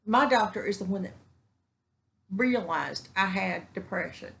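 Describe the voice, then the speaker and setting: Woman vlogger, unhurried, folksy and rambling, heartfelt talk to camera. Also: on the low side, vocal fry, slight background noise. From Texas. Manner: warm, rambling, folksy, repeats herself for emphasis. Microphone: camera mic.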